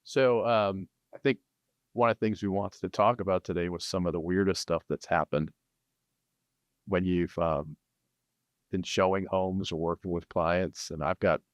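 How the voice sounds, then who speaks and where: A middle-aged man who works as a real estate agent and hosts a podcast tells a story in a casual, animated manner, frequently restarting and laughing. He speaks at a moderate pace in a low voice, with no echo.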